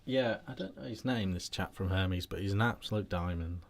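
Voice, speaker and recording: Low-voiced British co-host, easygoing. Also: male voice, a little fast. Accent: British English. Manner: relaxed, agreeable, chiming in with his own examples. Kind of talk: casual chat.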